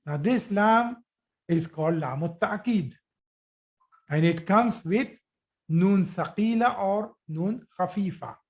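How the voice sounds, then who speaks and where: A teacher giving a live online grammar lesson, explaining slowly and repeating forms, checking with students by asking questions. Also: female voice, mid-range voice, a little mellow. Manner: slow, repetitive explaining, asks students questions.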